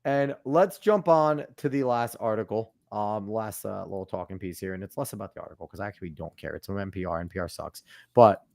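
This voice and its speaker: A man's voice: on the low side, fairly quick, gravelly, hardly any pauses, no room sound, clean studio sound. A man co-hosting a podcast, chatting casually and profanely about politics. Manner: animated, profane, swinging loud and soft. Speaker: podcast co-host.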